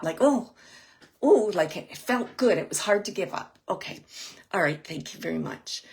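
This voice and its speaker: A woman working as a psychic medium, giving a live reading to an audience member in a halting, searching way, repeating phrases as she relays messages. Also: medium pitch.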